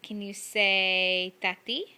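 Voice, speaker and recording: A woman's voice: mid-range voice, fairly even intonation, slow pace, bright, forceful tone, clear, resonant tone. A mother at home talking to her toddler in a coaxing, sing-song voice. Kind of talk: casual talk to a toddler. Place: at home indoors.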